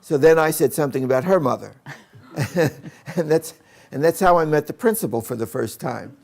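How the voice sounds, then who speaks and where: A man's voice: fairly high pitch, lively intonation, moderate pace, gravelly. An older man, an educator, telling a personal story about his schooldays in an anecdotal way, acting out the people in it. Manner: anecdotal, with acted-out quotes.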